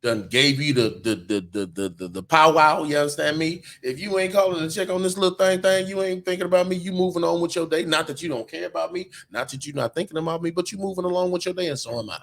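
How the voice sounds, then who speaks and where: A man's voice: a little high, quick pace, hardly any pauses, fairly bright tone. A man co-hosting a podcast in a bar, giving blunt, preachy relationship advice full of slang in a casual chat. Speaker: podcast co-host. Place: bar on location.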